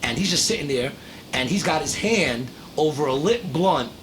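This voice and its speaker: A man hosting a casual podcast, telling a story in a profane, animated way and acting out the voices of the people in it. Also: moderate pace. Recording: noisy recording with low rumble.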